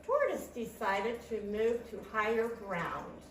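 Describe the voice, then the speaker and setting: A storytime reader with a fairly high-pitched voice reads a children's picture book aloud slowly and with animation, adding sound effects. She's in an echoey room with the mic set at a distance, and there's slight background noise.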